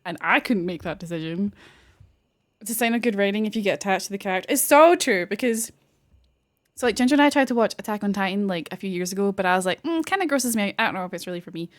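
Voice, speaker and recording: A woman's voice: medium pitch, quick pace. Chatty young woman gushing as a streamer. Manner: gushing, animated, swears, rambling with fillers. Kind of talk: casual chat.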